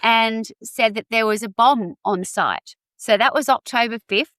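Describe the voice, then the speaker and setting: A woman hosting a podcast, telling a true-crime story in a chatty, animated way with many asides. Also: a little high, measured pace, no echo. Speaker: podcast host.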